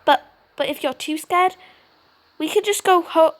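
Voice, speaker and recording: A woman's voice: very high-pitched, measured pace, pitched above the performer's own voice. A woman voicing a timid, frightened little girl who pleads anxiously.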